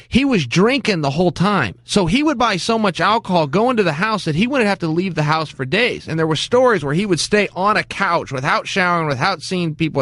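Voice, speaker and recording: A man's voice: on the high side, a bit bright, no echo. A man in casual chat, speaking emphatically and explaining things to the audience.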